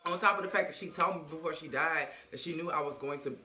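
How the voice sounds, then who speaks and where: A man giving sassy, animated recap commentary on a reality show, sometimes heartfelt. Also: on the high side, quick pace, hardly any pauses, lo-fi sound, a little hiss or hum.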